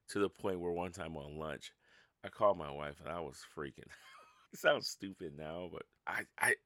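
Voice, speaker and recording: A man with a very low, gravelly voice talks through a casual solo podcast. His tone is bright and forceful, and he keeps laughing at himself. The sound is close and dry. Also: no room sound. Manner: rambling, self-mocking, laughs at his own stories. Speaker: podcast host.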